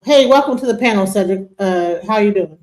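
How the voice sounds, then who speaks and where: A woman hosts a casual livestream panel at a mid pitch. Her talk is loose and full of fillers. An echoey room surrounds her voice. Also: fairly quick, darkish tone. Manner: conversational, with many fillers.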